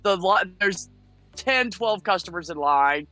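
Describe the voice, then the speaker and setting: A woman from the United States tells her story in a blunt, swear-filled and lively way. Her voice is bright and forceful. Faint music plays behind her. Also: lowish voice, unhurried. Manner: blunt, profane, animated storytelling. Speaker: guest. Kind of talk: casual storytelling on a chat show.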